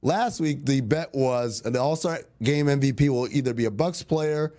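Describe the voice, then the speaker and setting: A man's voice: medium pitch, moderate pace, mellow. A man co-hosting a sports talk show, laying out playful bets in casual chat and laughing often.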